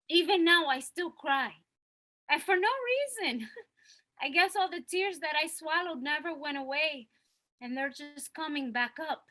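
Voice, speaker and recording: In a low-quality recording, a woman with a high, sharp-toned voice performs a stage monologue. She plays Cristela, a young working mother holding back tears, who delivers a confessional speech in English sprinkled with Spanish words.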